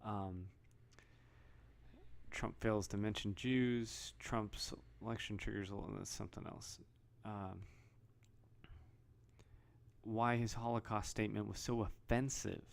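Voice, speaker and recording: Gravelly, low-voiced man vlogging. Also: steady tone, slow pace, pauses often. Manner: rambling, restarts, reads headlines aloud. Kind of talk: casual commentary.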